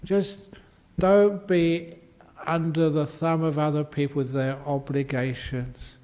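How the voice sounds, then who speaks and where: A man's voice: fairly high pitch, flat delivery, takes it slowly, darkish tone. An older man, a Buddhist monk answering questions in a humorous dharma talk, playfully acting out quotes and sound effects.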